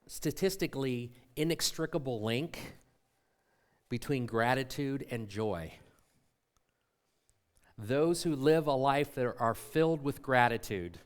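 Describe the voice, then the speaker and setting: Middle-aged male pastor, mid-pitched voice, relaxed conversational sermon delivery with rhetorical questions. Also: clean tone. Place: church sanctuary.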